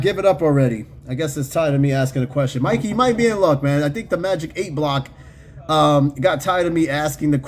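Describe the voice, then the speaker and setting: A man hosting a podcast in casual, slangy, profane chat, reading comments from his live chat. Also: fairly high pitch. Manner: loose, slangy and profane, with frequent fillers and laughs. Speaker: podcast host.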